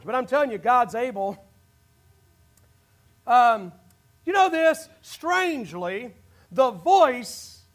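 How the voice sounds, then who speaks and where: A man preaching a sermon as pastor, swinging from quiet reasoning to shouted calls and acting out imagined excuses. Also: very high-pitched. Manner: builds to shouted, preaching climaxes.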